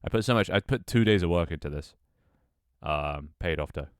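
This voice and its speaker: A man's voice: low-pitched, moderate pace, clean tone, dry recording, studio quality. A tired, out-of-breath young man chatting casually with his livestream audience, sighing and swearing offhandedly. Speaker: Twitch streamer.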